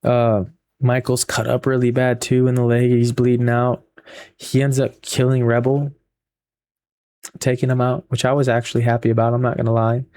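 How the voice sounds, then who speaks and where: A man's voice: mid-range voice, monotone, normal speed, darkish tone. A man giving a casual spoken book review, retelling the plot in a rambling way with frequent repeats and fillers.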